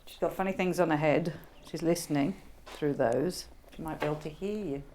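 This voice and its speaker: A woman's voice: sits low, a little fast, dark tone, a little hiss or hum. A woman chatting and joking during a ghost hunt inside an old jail, laughing easily. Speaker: paranormal investigator.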